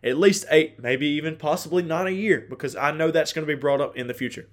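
A man's voice: fairly high pitch, fast talker. A young man hosting a casual solo sports podcast, chatty, laughing often and restarting his sentences. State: dry throat. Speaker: podcast host.

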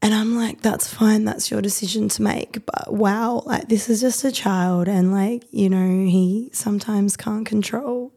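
A woman in her thirties, a podcast guest talking candidly in a rapid, rambling, heartfelt way with many fillers. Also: medium pitch, fairly even intonation, gravelly, warm tone, slightly rough. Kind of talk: candid conversational interview.

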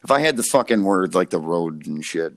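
A man's voice: sits low, a little fast. Rambling, profane young guy telling stories. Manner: rambling, profane storytelling full of fillers; animated, laughs at his own stories. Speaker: podcast co-host. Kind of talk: casual chat.

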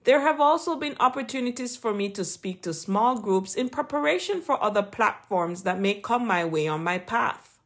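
A woman's voice: mid-range voice, animated, normal speed. A woman with a Jamaican accent reading an earnest, encouraging Christian motivational talk as a podcast host. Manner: earnest, encouraging, read from a script.

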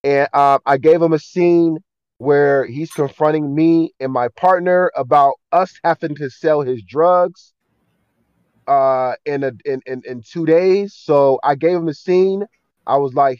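Man, casual chat, halting and repetitive, dry muffled sound. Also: a little high, darkish tone, clear, resonant tone, no room sound. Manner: halting, many fillers and repeated words. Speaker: filmmaker and actor guest.

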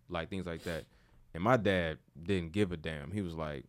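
Deep-voiced man telling stories, slangy. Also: moderate pace. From St. Louis, USA. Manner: loose and slangy, swings into animated storytelling. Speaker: podcast host. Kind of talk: casual conversation.

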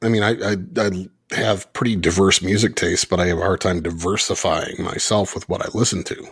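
Male podcast host, husky, lively delivery, dry close sound. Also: brisk, dry recording. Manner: laughs often, animated pitch swings. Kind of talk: casual chat.

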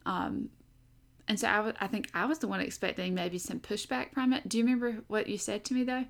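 A woman's voice: mid-range voice, steady tone, fairly quick. A young adult woman hosting a casual podcast, chatty and upbeat with frequent fillers. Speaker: podcast host.

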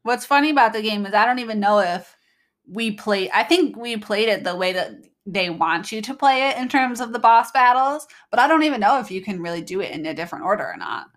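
Woman, middle pitch, casual co-host chat, hesitant, lots of fillers. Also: lively intonation, brisk, a bit bright. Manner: hesitant, filler-heavy, searching for words. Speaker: podcast co-host.

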